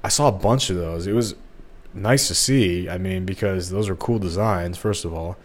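Fillers and restarts run all through this casual, rambling solo podcast. The host is a young man from the St. Louis area of Missouri with a low voice at normal speed.

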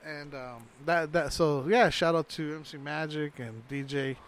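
A man's voice: on the high side, a little slow. A man on a podcast, chatting in a rambling, slangy way. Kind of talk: casual chat. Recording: faint background noise.

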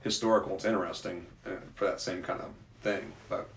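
A man with a slightly low voice chats in a loose, rambling, opinionated way. His voice carries a roomy echo, as if recorded in an open room. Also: fairly even intonation, a little fast, gravelly. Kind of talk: casual conversation.

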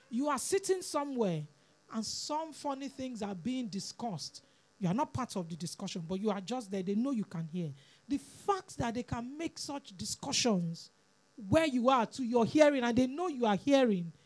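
A woman's voice: high-pitched, darkish tone. A woman preaching a sermon, earnest and pleading, repeating words for emphasis.

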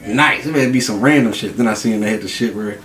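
A man's voice: lowish voice, quick pace, fairly bright tone, slight background noise. A man chatting casually, telling rambling stories, laughing often and swearing a lot. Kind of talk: casual chat.

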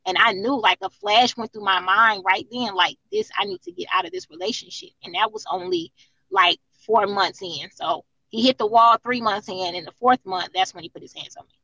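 A woman telling her own story in an interview, earnest and halting, with many fillers. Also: mid-range voice, animated, gravelly, bright, forceful tone, no echo, low-quality recording. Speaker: interview guest. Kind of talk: candid personal account in an interview.

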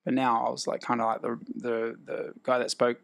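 An Australian man with a gravelly, fry-edged voice at an ordinary middle pitch. He tells his stories casually and slips into the voices of the people he quotes. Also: brisk. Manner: animated, acts out quoted dialogue, laughs between lines. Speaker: actor and guest. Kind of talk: casual storytelling.

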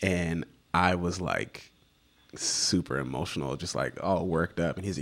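A young man with a low, deep voice tells a story from his working life. He is relaxed and casual and slips into quick impressions of the people he talks about. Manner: relaxed storytelling, acts out quotes. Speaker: guest photographer. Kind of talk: casual conversation.

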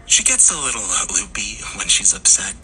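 A man voicing a creepy, smooth-talking stranger with a soft, buttery voice in a horror story. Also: fairly low pitch, wildly swooping pitch, normal speed, soft background music, exaggerated voice. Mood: mocking.

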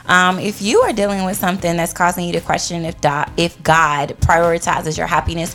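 A woman co-hosting a faith podcast, telling a personal story with lively acted-out quotes. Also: lowish voice, fairly quick, hardly any pauses, soft background music. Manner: animated storytelling, acts out quotes. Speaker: podcast co-host.

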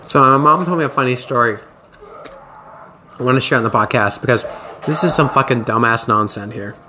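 A man's voice: mid-range voice, fairly quick, noisy background. A man hosting a podcast, telling a story in casual, profane, rambling chat. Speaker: podcast host.

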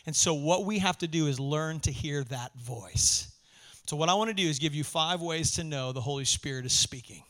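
A male pastor preaching a sermon in a conversational, passionate way, swinging from hushed lines to emphatic ones. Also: a little high, normal speed.

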